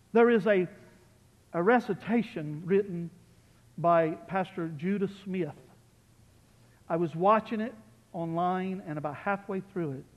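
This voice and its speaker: A man preaching as pastor, building to loud peaks on key lines and dropping to soft, quiet asides. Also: high voice, long reverb tail. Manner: impassioned, rises loud on key phrases, drops to soft asides. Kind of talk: sermon. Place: church sanctuary.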